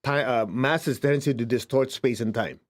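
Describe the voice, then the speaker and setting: A man teaching spirituality in a conversational way, checking in with his listeners often and jumping up in pitch for emphasis. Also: moderate pace. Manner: lively, swings up in pitch for emphasis. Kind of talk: informal spiritual talk.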